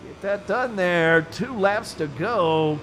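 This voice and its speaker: A man's voice: high voice, takes it slowly, fairly bright tone, a little hiss or hum. A man commentating a sim race in a jokey, casual way, laughing often.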